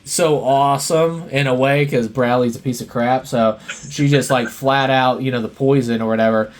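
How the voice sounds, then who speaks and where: A man's voice: mid-range voice, fairly even intonation, moderate pace. Podcast guy rambling on about a movie, lots of uh and um, chuckles a lot. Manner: rambling, filler-heavy retelling with laughs. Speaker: podcast host. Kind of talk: casual movie podcast chat.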